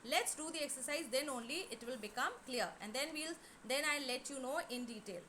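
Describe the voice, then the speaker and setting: High bright-voiced teacher. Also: female voice, a little fast. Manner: patient explaining, many fillers like "you know". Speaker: English teacher. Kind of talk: online class lesson. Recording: faint background noise.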